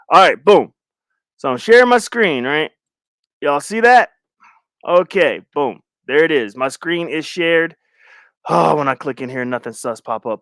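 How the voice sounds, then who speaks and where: A man's voice: a little high, expressive, normal speed, fairly bright tone, smooth, no echo. A man hosting a live stream in casual chat, rambling and self-mocking, often repeating his phrases. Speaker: livestream host.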